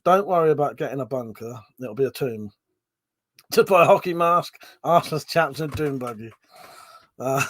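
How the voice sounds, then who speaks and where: A man with a cold, sniffling and coughing, hosting a casual live stream where he reads out viewer comments, swearing and laughing often. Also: medium pitch.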